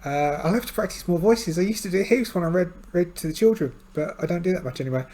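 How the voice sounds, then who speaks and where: A man's voice: high-pitched, expressive, fast talker, warm tone. A middle-aged man narrating his solo tabletop game in a rambling, self-deprecating, casual way. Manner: chatty, self-deprecating, meandering with restarts.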